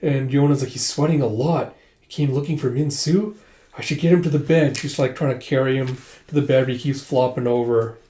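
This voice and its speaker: Male manga reviewer, casual plot recap, mellow voice, roomy echo. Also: medium pitch, fairly quick. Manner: retells the plot with many "he's like" quotes, voicing lines loosely.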